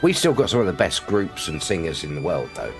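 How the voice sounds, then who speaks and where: A man's voice: sits low, very animated, a little fast, creaky, music in the background. A man from Britain chatting casually on a game live stream, rambling, laughing often and greeting viewers by name.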